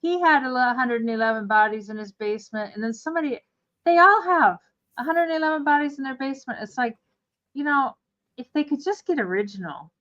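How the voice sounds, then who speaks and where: A woman's voice: sits high, animated, brisk, a bit bright. A woman hosting a live vintage sale, chatting in a rambling way with laughing asides. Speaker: host selling vintage items. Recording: dull lo-fi sound.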